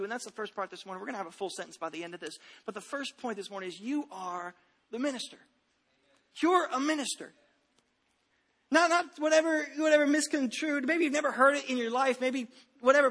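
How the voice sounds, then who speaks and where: A man's voice: very high-pitched, a bit bright. A man in his thirties preaching a sermon from a church stage, chatty and humorous, telling stories with many restarts. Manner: conversational, humorous storytelling with frequent restarts. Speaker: pastor.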